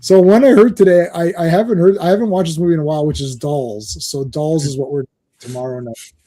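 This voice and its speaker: Male podcast host, higher-pitched but dark in tone, loose and chatty, lots of laughing. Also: fast talker. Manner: rambling, laughing, trailing off. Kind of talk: casual chat.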